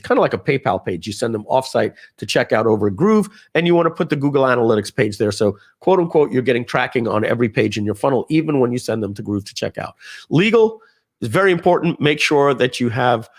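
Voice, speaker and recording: A man giving a casual live software demo, talking viewers through settings with fillers and asides. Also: mid-range voice, fast talker. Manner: lively, conversational, with frequent fillers and asides. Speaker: software trainer.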